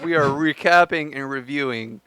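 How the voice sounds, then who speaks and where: Dude cohosting a podcast, high bright voice, swears a lot, teases his buddies. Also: normal speed, smooth. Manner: teasing, swears freely, laughs often. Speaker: podcast co-host. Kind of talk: casual chat.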